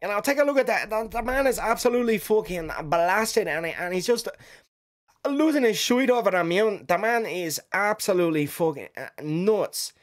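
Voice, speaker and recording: A man doing an impression of a rowdy, drunk fighter, ranting loudly and excitedly. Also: sits high, normal speed, pitched above the performer's own voice. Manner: loud excited rant.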